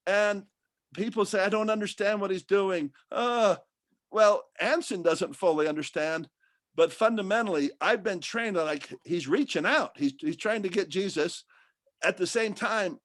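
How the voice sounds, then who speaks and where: A high-pitched man talks casually and at length about faith and art, rambling with animation and often restarting his sentences. The recording is dry.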